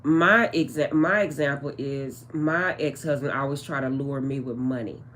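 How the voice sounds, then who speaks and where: A woman's voice: extremely low pitch, moderate pace, a bit bright, a little hiss or hum. Chatty woman doing a spiritual vlog. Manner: chatty, addresses viewers as guys, trails off with um. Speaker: spiritual channeler. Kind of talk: casual spiritual vlog talk.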